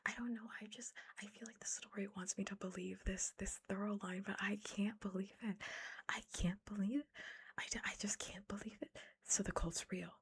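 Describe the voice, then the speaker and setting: A woman giving whispered ASMR storytelling, reading a novel aloud and breaking off into animated, incredulous asides. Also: medium pitch, moderate pace, breathy edge. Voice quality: unvoiced whisper. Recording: close mic, ASMR setup.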